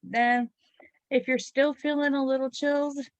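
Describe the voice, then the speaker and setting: A middle-aged woman hosting a hypnotherapy talk radio show, bubbly and playful, her voice a little froggy and hoarse, leading listeners through relaxation. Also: sits high, little pitch movement, measured pace, no room sound, highs cut off.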